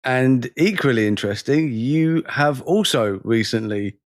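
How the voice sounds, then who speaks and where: A man, co-hosting a podcast and telling a lively story in casual conversation, acting out the people in it. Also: mid-range voice, a little slow, no room sound, clean studio sound. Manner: animated storyteller, acts out the people in his stories. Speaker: podcast co-host.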